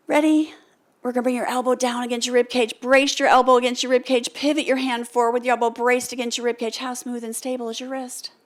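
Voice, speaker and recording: A woman from the United States delivers a motivational keynote to a live audience. Her voice sits a touch high for a woman, and she speaks in an animated, storytelling way. She calls out for the crowd to answer her and acts out the lines of the people in her story. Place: stage before a live audience.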